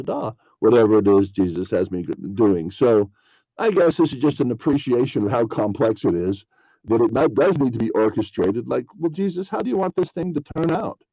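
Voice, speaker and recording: A man's voice: mid-range voice, vocal fry, mellow, no room sound, dull audio. A man hosting a podcast, rambling through a casual spiritual monologue and acting out imagined dialogues in a raised voice. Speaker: podcast host.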